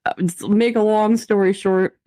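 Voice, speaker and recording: A woman's voice: mid-range voice, steady tone, moderate pace, warm tone, no room sound. A woman in her twenties from Canada co-hosts a casual podcast, her voice in a middle range. She laughs often and acts out quoted back-and-forths in her stories. The recording is dry and close. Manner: giggly storyteller, acts out quoted exchanges. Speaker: podcast co-host.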